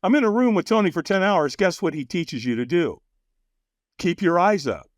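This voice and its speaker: A man's voice: sits high, normal speed, dry recording, studio quality. A man talking as a podcast guest, telling a story with energy, laughing often and acting out what other people said. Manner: animated, acts out quoted voices, laughs often. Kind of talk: storytelling in a conversation.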